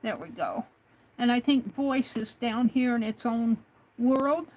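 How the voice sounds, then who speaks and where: Woman, craft livestream host, unhurried speech, slightly high voice, hesitant with fillers. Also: lively intonation, darkish tone, poor audio. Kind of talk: casual livestream talk to a chatbot.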